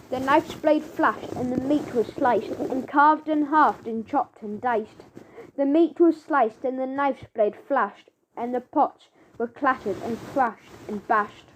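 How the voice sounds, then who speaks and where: A woman narrating a children's audiobook, chanting its rhymes with lively rhythm. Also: high-pitched, a little hiss or hum.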